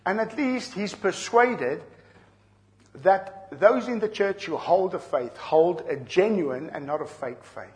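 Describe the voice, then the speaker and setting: A middle-aged man preaching a sermon, earnest and measured, dropping soft and then rising loud to drive a point home. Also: high voice. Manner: earnest, swings from soft to shouting for emphasis. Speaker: pastor.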